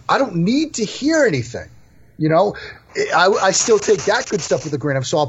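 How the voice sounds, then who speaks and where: Emphatic man, husky lo-fi voice. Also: sits high. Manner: emphatic, repetitive. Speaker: podcast guest, draft analyst. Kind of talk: casual podcast interview. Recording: dull lo-fi sound.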